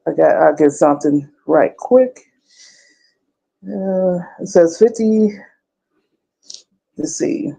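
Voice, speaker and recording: A woman's voice: deep voice, gravelly, dark tone, poor audio. A woman guest in a casual discussion, explaining her research in a conversational way.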